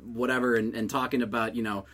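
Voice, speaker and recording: A man's voice: mid-range voice, flat delivery, quick pace, fairly bright tone. A young man in casual chat, rambling through a story with many fillers and restarts.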